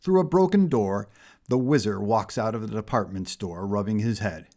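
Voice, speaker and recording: A man's voice: lowish voice, moderate pace, dark tone. Man narrating a superhero fan story.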